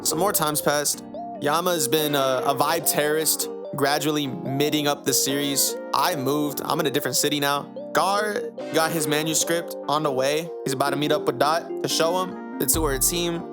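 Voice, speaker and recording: A man's voice: fairly high pitch, fairly even intonation, moderate pace. A young man casually recapping a manga in a chatty, slangy, joking way. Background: faint music.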